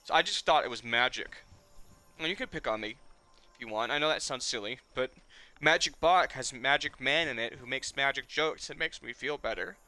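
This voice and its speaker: A man's voice: mid-range voice, moderate pace, sharp tone. A man in his twenties, a streamer, chatting casually and emotionally in a rambling way and swearing often. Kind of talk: casual nostalgic chat.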